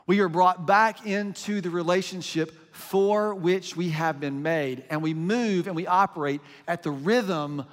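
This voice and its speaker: Male pastor, high voice, conversational sermon with scripture readings, reverberant sanctuary. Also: unhurried, hardly any pauses. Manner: conversational preaching, reads scripture aloud.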